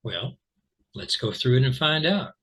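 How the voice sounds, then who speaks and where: A man with an American accent from Central California, teaching English pronunciation in a relaxed, chatty way, full of ums and repeating words slowly as examples. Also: medium pitch, slightly rough, low-quality recording. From Central California, USA. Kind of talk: explaining pronunciation to learners.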